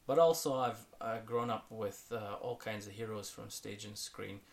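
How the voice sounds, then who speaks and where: A man's voice: lowish voice, moderate pace, vocal fry. A man from the United Kingdom, an accent coach talking enthusiastically in a podcast interview. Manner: enthusiastic, animated when talking about accents; fillers and restarts, thoughtful.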